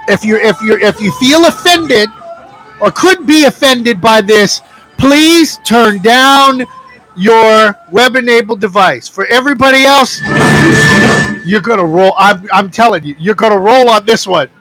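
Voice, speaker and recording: A man's voice: high voice, unhurried, over loud music, low-quality recording. A man hosting an online morning show, chatting in a folksy way and hyping up his listeners. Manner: folksy, hypes up the audience. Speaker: radio show host. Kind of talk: casual morning show chat.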